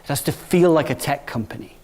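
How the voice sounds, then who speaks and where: A man's voice: on the high side, expressive, brisk, slight background noise. Conversational middle-aged man giving a talk. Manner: conversational, asks "right?" often, drops to a quiet voice for stories. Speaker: bank executive speaking to graduates. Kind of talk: business talk with storytelling.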